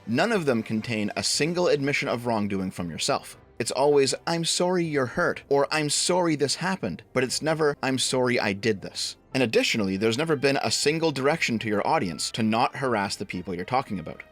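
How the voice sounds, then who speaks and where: Young guy doing drama commentary, blunt and snarky, mid-pitched voice. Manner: sarcastic, blunt and exasperated.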